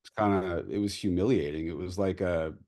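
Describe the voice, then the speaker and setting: A man tells a candid story as a filmmaker guest at a Q&A. He swears freely and keeps the telling lively and animated. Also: sits low, fairly quick. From US Pacific Northwest. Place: post-screening Q&A.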